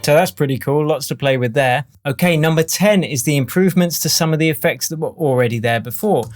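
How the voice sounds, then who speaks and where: Man explaining music software. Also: fairly high pitch, brisk. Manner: relaxed, chatty explaining with fillers. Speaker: music production tutor. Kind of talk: screen-recorded software tutorial. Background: faint demo music playing.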